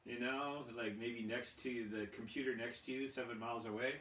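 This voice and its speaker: A man's voice: mid-range voice, steady tone, normal speed, a bit bright, slight background noise. A man, a children's singer and storyteller, chatting casually and rambling through a story with plenty of fillers from his small home studio. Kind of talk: casual storytelling and singalong for kids. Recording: roomy, distant mic with guitar.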